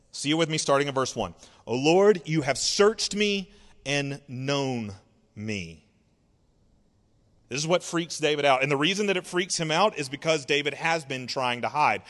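A man preaching a sermon in an expressive, conversational way, asking rhetorical questions and drawing out words. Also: fairly high pitch, long reverb tail. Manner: conversational, sarcastic asides. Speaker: pastor.

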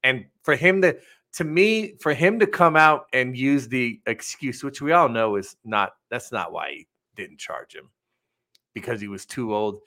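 Bright-voiced man giving emphatic commentary. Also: medium pitch, animated, measured pace. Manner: emphatic, talks to viewers directly. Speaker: co-host. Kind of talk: casual political commentary.

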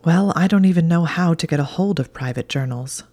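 An earnest, anxious young witch talks in a breathy near-whisper, in whispered role-play that a woman reads out. The tone is dark and mellow. It sounds like a storybook reading. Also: low-pitched, normal speed. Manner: soft, breathy half-whisper.

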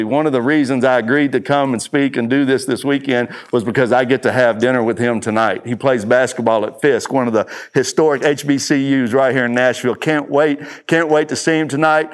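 A man's voice: medium pitch, steady tone, brisk. Man, middle-aged, conference speaker, storytelling, emphatic repetition. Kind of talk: conference talk. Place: conference room.

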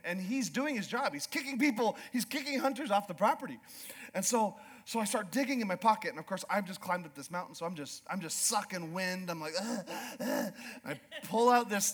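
A middle-aged man from Alaska, a pastor preaching a sermon through an animated personal story, sometimes mimicking slow drawling voices. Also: high voice.

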